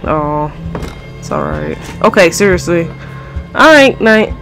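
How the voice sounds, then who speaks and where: A woman's voice: lowish voice, animated, a little slow, gravelly, over music, rough recording. A woman playing a horror game on her own microphone, panicking, swearing constantly and yelping in fright as she talks to her viewers. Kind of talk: let's play commentary. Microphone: own desk mic, moved back to avoid clipping.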